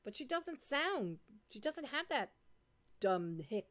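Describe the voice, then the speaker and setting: A woman's voice: sits high, big pitch swings, slow pace, a crowd in the background. Chatty middle-aged woman, New Jersey accent. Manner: chatty, blunt, swears freely. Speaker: co-host, gaming stream parent. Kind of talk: casual chat.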